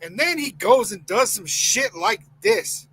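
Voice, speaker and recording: A man's voice: very high-pitched, big pitch swings, measured pace, creaky, pushed and bright, breathy edge, low-quality recording. A man hosting a live sports podcast, ranting heatedly and reading chat comments aloud. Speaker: podcast host.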